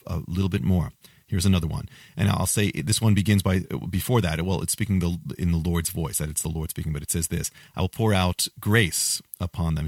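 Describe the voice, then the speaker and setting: Male preacher, very low with a gravelly edge; reads passages with building emphasis and keeps asking the audience questions. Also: darkish tone, no room sound, clean studio sound. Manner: quizzes listeners with repeated questions, reads passages with rising emphasis. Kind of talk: Bible teaching with scripture readings.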